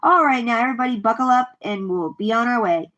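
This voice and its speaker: A woman reading a children's story aloud, voicing a cheerful bear father who talks briskly and eagerly. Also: on the high side, expressive, fairly bright tone, lo-fi sound.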